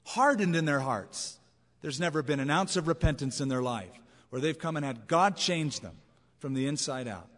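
A man's voice: fairly high pitch, lively intonation, moderate pace, a bit bright. A man preaching a sermon as a pastor, in a conversational, emphatic way with anecdotes. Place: large church auditorium. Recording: long reverb of a large hall.

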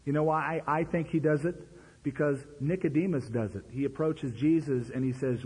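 A man preaching a sermon in a conversational, animated way. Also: moderate pace, slightly rough. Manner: animated, conversational preaching with sudden pitch jumps. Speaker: pastor. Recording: long hall reverb.

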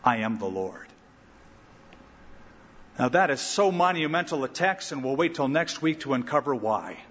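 A middle-aged man, a pastor, giving an animated verse-by-verse sermon with emphatic pauses, then leading a prayer. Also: medium pitch, breathy edge. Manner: animated, emphatic preaching with dramatic pauses and asides. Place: large church sanctuary. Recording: dull lo-fi recording with long hall reverb.

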